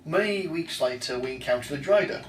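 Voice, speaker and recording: A man's voice: fairly high pitch, animated, a little fast, recorded from a distance. A man hosting a casual chat about tabletop games, often hesitating and restarting his sentences. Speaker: podcast host. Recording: roomy echo, off-mic, faint noise.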